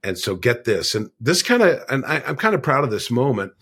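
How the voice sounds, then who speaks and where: An older man's mid-range voice swings widely in pitch, sounding a bit bright and slightly rough as he talks a little fast. He's on a podcast, sharing a long, heartfelt and wandering personal story in a conversational way, full of fillers.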